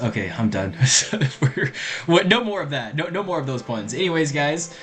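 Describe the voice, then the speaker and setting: A man's voice: fairly high pitch, sing-song, moderate pace. Joking man streaming a game. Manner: crude, joking, rambling. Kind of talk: casual gameplay commentary.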